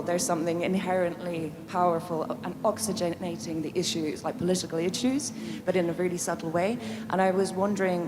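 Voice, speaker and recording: Flat-voiced woman asking a question. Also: on the low side. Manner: searching, rambling question. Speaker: audience member asking a question. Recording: noisy festival tent.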